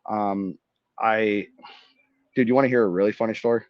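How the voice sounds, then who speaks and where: A man's voice: lowish voice, moderate pace, no echo. A man in his thirties from Florida, a veteran telling stories as a podcast guest, acting out dialogue and swearing freely. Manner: animated storyteller, swears, acts out dialogue. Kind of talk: casual storytelling interview. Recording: dry, slightly dull podcast mic.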